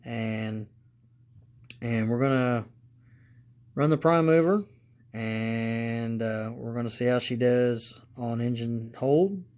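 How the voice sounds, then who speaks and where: Man, casual hobby vlog, unhurried drawn-out speech, rambling and eager, a bit congested. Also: medium pitch. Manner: slow, rambling and excitable, addressing viewers as guys. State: congested from allergies. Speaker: model railroad channel host.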